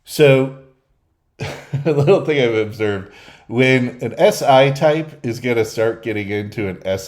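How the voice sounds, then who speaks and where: A man's voice: medium pitch, a little slow, darkish tone. A man commenting casually on an interview clip, explaining his observations. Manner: explanatory, mimics speakers with laughs. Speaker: personality-type commentator. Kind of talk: casual commentary over clips.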